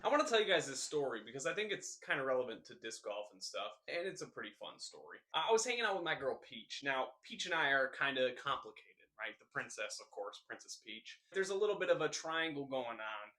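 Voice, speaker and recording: A young man hosting a scripted news recap with deadpan, jokey asides and rambling tall tales. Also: mid-range voice, brisk, few pauses. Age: young adult. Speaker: host.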